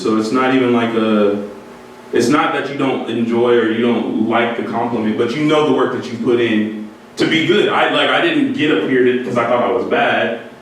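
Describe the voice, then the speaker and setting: A man giving an earnest, candid motivational talk to music students, often breaking into laughter. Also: medium pitch. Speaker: speaker addressing music students. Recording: echoey hall, voice from far off, faint noise.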